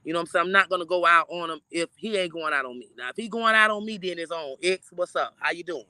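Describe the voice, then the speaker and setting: A man co-hosting a casual chat show, blunt and quick to laugh as he talks back. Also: high-pitched, bright, forceful tone, clean tone, no room sound. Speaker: talk show co-host. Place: in Florida.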